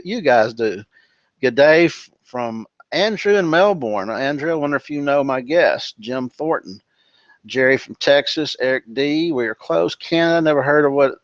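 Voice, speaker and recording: A relaxed man from California hosts a live online session, greeting his audience one by one and calling them brother and dude. His voice sits in a middle register. It comes through dry and a little muffled, like a basic computer microphone. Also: mid-range voice, no echo. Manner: relaxed and chummy, calls people brother and dude. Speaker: webinar host. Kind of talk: casual live-stream chat reading out viewer greetings.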